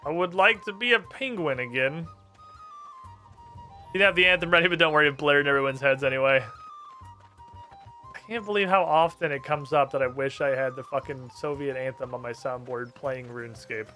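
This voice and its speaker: A male streamer giving excitable, profane commentary while playing and reading game text aloud. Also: medium pitch, brisk, faint music behind. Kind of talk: casual gaming commentary.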